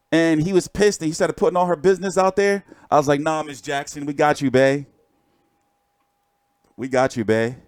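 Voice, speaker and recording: This is a high-pitched male voice, recorded without echo. He's the host of a boxing channel, loosely chatting on a livestream, showing pictures and joking crudely as he rambles.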